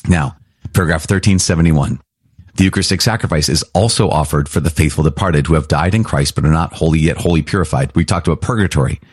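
A man's voice: very deep voice, quick pace, darkish tone, slightly rough, no echo, studio quality. A man teaching as a priest, talking through the catechism in an enthusiastic, conversational way with frequent restarts. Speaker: Catholic priest.

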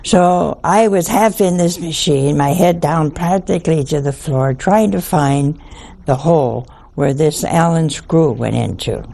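An older woman, a nun, telling a humorous story in a slow, folksy manner. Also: low voice, vocal fry, dark tone. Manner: slow, folksy anecdotal delivery.

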